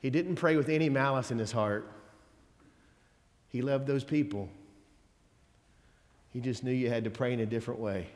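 A pastor with a mid-range voice preaches at a moderate pace, pausing often, in a reverberant church sanctuary. His sermon is conversational, featuring folksy asides and emphatic quotations.

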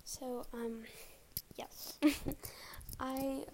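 A young woman leading a spoken prayer for her viewers, earnest and breathy, half-whispering and a little out of breath. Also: high voice, steady tone, drawn-out words, darkish tone. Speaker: Christian vlogger. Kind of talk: spoken prayer and closing message.

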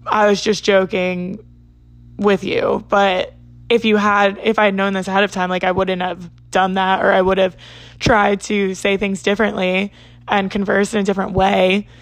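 A young woman chats through a personal story in a casual, rambling way, leaning on "like" as she goes. Her voice sits in a middle pitch range. The sound is close and dry, with no room echo. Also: little pitch movement, normal speed. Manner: chatty, says "like" a lot. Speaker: vlogger.

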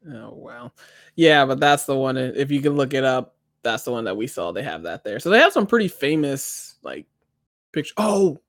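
During a casual conversation, a co-host narrates stories with animation and imitates other people in squeals. The voice is medium-pitched at a normal speed, recorded in studio quality with no room sound.

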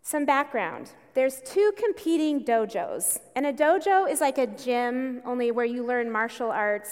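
A woman pastor preaching a sermon in a conversational storytelling way, with emphatic bursts. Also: fairly high pitch. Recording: long reverb in a church hall.

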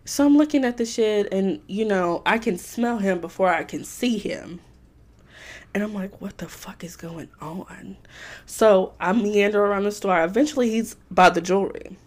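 A woman's voice: mid-range voice, normal speed, a little mellow. A woman co-hosting a podcast, telling stories animatedly in casual chat and swearing freely. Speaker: podcast co-host.

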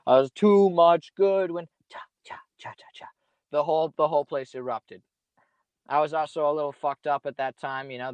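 A man's voice: medium pitch, clear, resonant tone, dry recording. A young man telling a casual story in a rambling way, full of slang and swearing. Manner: profane, rambling, laid-back slang. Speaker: podcast guest storyteller.

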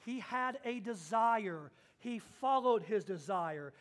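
A man from Kansas preaching a sermon as pastor, telling a story and acting out the voices in it, moving from hushed to loud. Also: sits high, expressive, takes it slowly. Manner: storytelling with acted-out quotes, swings from hushed to loud.

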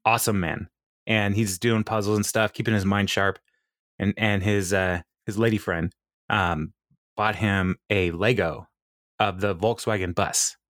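Chatty man hosting a podcast, low voice. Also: fairly even intonation, measured pace, fairly bright tone, dry recording, studio quality. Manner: chatty and rambling, laughs often. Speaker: podcast co-host. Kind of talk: casual chat.

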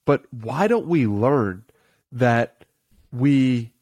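A man hosting a podcast, asking thoughtful, halting questions. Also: medium pitch, lively intonation, darkish tone, no echo. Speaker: podcast host. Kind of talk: interview questions.

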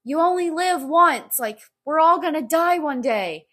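A woman voicing a carefree, gushing young man from a meme, in a high, wide-eyed, exclaiming voice. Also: lively intonation, unhurried, pushed and bright, full character voice. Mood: giddy.

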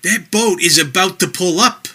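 A man's voice: high-pitched, normal speed, sharp tone, husky, pitched above the performer's own voice, full character voice. A man voicing an impatient agent partner who speaks sharply and barks orders, in an audiobook story.

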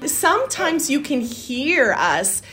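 Chatty Canadian woman, high voice. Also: slow pace. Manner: lively, chatty, switches into Portuguese. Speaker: guest. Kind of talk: casual podcast chat.

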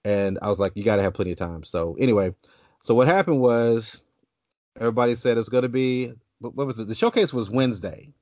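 A man's voice: medium pitch, a little fast, darkish tone, no room sound. A man on a casual podcast, telling a long story with lots of restarts and asides. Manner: rambling storyteller with many restarts. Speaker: podcast co-host. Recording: dull lo-fi dry sound.

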